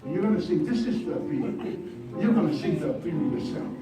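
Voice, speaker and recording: A man preaches a revival sermon, swinging from loud, emphatic peaks to quiet drops. His voice sits fairly high for a man. It reverberates through a large hall, picked up from a distance, with music playing behind it. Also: animated, fast talker. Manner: emphatic, rising and falling storytelling. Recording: echoey hall from far off with music.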